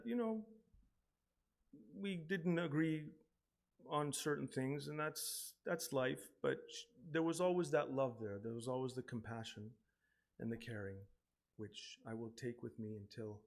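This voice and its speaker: A man in his forties giving a eulogy for his mother, telling a personal story haltingly with many pauses and repeated words, his voice falling quiet at emotional moments. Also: medium pitch. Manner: emotional, voice drops quietly at times.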